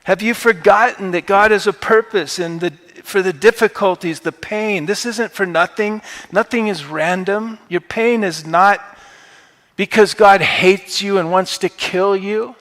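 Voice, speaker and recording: A man's voice: high voice, a little slow, fairly bright tone, big-room sound. A man preaching a sermon as pastor, talking conversationally and rising now and then into emphatic bursts. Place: church sanctuary.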